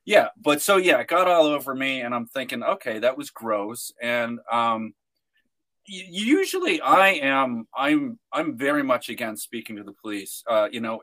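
Man, bright tense voice, rambling podcast storyteller, amused, lots of fillers. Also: medium pitch. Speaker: guest, protester.

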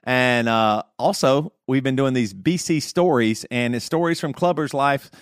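A man's voice: medium pitch, smooth, dry recording, studio quality. A man with a Southern US accent hosting a podcast, talking in a playful, jokey way. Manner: playful, jokey, quick to do voices. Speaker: podcast host. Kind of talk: casual podcast chat.

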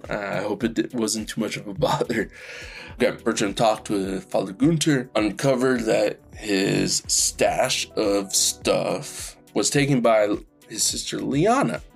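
A man's voice: on the low side, vocal fry. A man who runs a tabletop game podcast, chatting through a recap and apologizing for his mistakes with many fillers. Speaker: podcast dungeon master. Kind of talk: casual solo recap.

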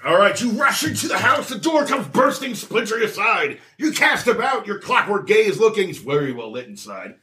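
Brief: high-voiced, lively male game master, loud and profane, echoey room, mic far off. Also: moderate pace, hardly any pauses. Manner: loud, profane, dramatic, often shouting. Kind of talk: narrating a tabletop game.

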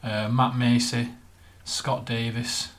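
A man's voice: mid-range voice, little pitch movement, slow, a bit bright. A man co-hosting a casual football podcast, chatting and reeling off lists of names with plenty of fillers. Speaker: podcast co-host.

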